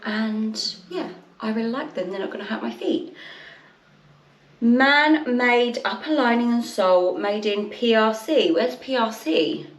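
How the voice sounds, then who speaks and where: A woman chatting casually in a haul vlog, rambling with quick asides. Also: a little high, recorded from a distance. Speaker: haul vlogger. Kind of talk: casual chat. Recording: echoey room, mic set back.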